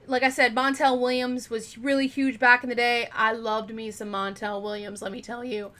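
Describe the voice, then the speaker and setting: This true crime host narrates a case at normal speed in a flat delivery, her slightly high voice pushed and bright and a little cracking. She rambles casually, heavy on fillers and asides.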